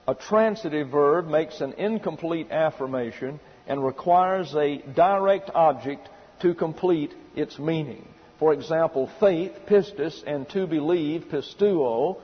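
A slightly rough male voice on the high side belongs to a preacher giving a sermon. His Bible teaching proceeds methodically, point by point, with numbered subpoints and emphatic rhetorical questions. Expect muffled audio and long hall reverb.

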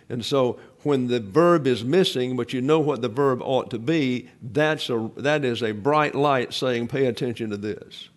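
Methodical male preacher teaching scripture. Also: mid-range voice. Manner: methodical, explains Greek grammar step by step, repeats points. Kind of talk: Bible teaching sermon.

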